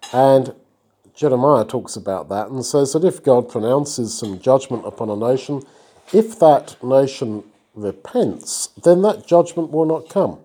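Guy doing a relaxed bible lesson, mellow tone, chatty, retells the story in his own words. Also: mid-range voice, husky. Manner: retells and comments conversationally, praises a listener. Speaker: Bible teacher. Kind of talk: informal Bible reading and teaching.

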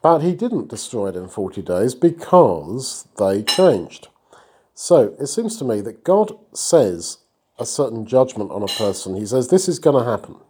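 A man's voice: medium pitch, big pitch swings, unhurried, darkish tone, a little hiss or hum. A man reading and explaining a Bible passage in an easy, conversational way, stopping to praise a listener. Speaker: Bible teacher. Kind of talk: informal Bible reading and teaching.

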